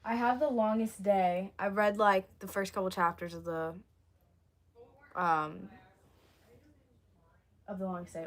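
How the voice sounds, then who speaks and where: A young woman chatting on a livestream, rambling and answering viewer comments, her voice going hoarse. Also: mid-range voice, steady tone, measured pace, pauses often. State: losing her voice, coughing. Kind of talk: casual livestream chat.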